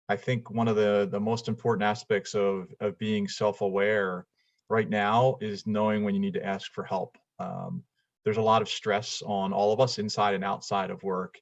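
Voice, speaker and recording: Halting, low-voiced male interview guest. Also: little pitch movement, no echo, dull audio. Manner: unhurried, halting with frequent ums. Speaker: guest, business executive and author. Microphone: video call.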